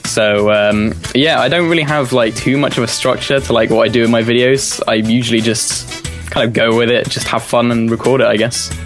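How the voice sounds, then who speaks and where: A man's voice: medium pitch, steady tone, brisk. A young man joins the podcast over a video call, sounding tired but laid-back. He chats casually and easily, with a little faint music under him. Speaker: podcast guest. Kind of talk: casual chat.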